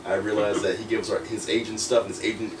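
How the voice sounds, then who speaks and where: A young American man recalls his wrestling days in an animated, laughing way, often starting sentences over. His voice sits a little away from the mic in a roomy, echoing space. A faint hum of ambience runs underneath. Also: fairly low pitch, fast, far from the mic. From United States. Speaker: professional wrestler, guest. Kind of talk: candid storytelling interview.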